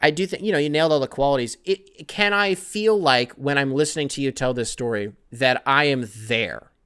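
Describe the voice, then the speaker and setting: A man's voice: medium pitch, fairly quick, fairly bright tone, clean tone. Rambling, loose-talking male podcast host. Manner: loose, rambling and profane, self-described scatterbrained. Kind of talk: casual sports podcast talk.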